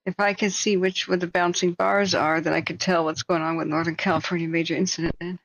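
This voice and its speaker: A tired woman hosting a casual live wildfire-tracking stream, slightly hoarse and thinking aloud while chatting with viewers. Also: fairly low pitch, little pitch movement, quick pace, fairly bright tone, slight background noise, low-quality recording. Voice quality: slightly hoarse, clears throat. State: tired after staying up all night. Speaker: wildfire tracking livestream host.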